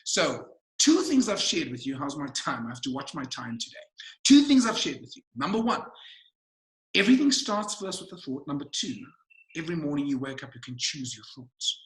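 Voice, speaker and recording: Male motivational speaker, high-pitched, bright, emphatic, rhetorical questions, echoey room. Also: sing-song, a little fast. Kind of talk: motivational webinar talk. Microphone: video call mic.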